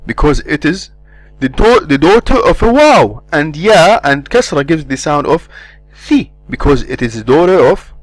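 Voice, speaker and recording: A man teaching pronunciation, stopping often to repeat single syllables slowly as he demonstrates each sound. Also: medium pitch, fairly bright tone, dry recording, poor audio. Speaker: Arabic teacher. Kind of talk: pronunciation lesson.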